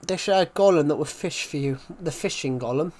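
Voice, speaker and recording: Young guy on a stream, kinda high voice, rambles and repeats himself a lot. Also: fast talker, darkish tone. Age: 20s. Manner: rambling, often restarts and repeats phrases. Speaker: live streamer. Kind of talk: casual live-stream chat.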